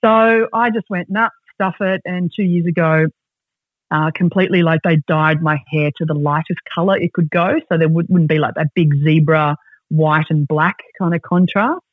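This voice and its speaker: A woman in her forties with an Australian accent, chatting as a podcast guest and telling stories with lively acted-out quotes. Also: sits low, moderate pace, no room sound. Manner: bubbly, animated storyteller who acts out quotes. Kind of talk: casual interview chat. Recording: dry, tinny phone-like line.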